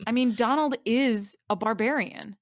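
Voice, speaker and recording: A woman's voice: on the high side, unhurried, dry recording, studio quality. Enthusiastic woman chatting as a guest. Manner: enthusiastic, rambling with many fillers. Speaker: podcast guest. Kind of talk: casual chat.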